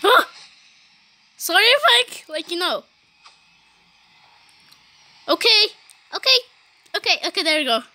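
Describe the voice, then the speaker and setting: A woman doing casual gameplay commentary, giggly and excitable, saying "beep" to bleep herself out. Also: extremely high pitch, a little slow, pauses often. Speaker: gaming YouTuber.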